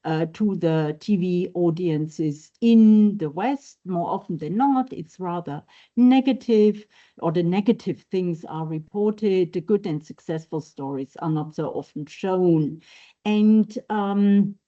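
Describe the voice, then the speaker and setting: A woman lecturer giving an academic seminar talk, measured and thoughtful, pausing on frequent ums. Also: on the low side, mellow, dull audio. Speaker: university lecturer. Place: university seminar room.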